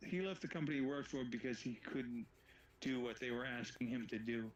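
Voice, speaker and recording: A man's voice: medium pitch, brisk. A man co-hosting a live chat, talking in an easygoing, conversational way. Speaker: co-host. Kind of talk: casual chat. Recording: dull roomy livestream audio with faint noise.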